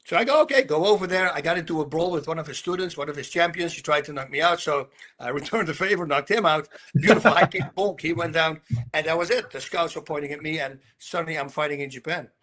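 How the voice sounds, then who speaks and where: A man in his sixties with a Dutch accent, a podcast guest telling stories animatedly, acting out dialogue and throwing in sound words. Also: fast. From Netherlands. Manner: animated storyteller, acts out dialogue, sound words like boom and bonk. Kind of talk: storytelling interview.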